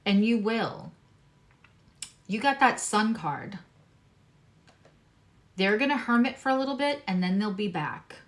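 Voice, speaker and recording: A woman's voice: mid-range voice, animated, unhurried, pauses often. A woman astrologer giving a casual, earnest tarot reading, speaking straight to her viewers in a reassuring way.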